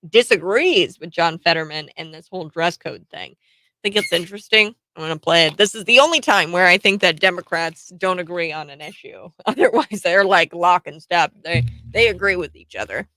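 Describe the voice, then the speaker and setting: A woman's voice: fairly low pitch, animated, normal speed, bright, forceful tone, no echo. A woman, hosting casual political commentary in a blunt, sarcastic way, laughing between points.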